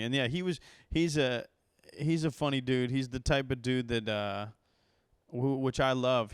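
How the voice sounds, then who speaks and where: A man's voice: medium pitch, smooth, no echo, studio quality. A man, a comedian hosting his own podcast, telling a rambling, profane story and getting worked up as he goes. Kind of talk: casual storytelling monologue.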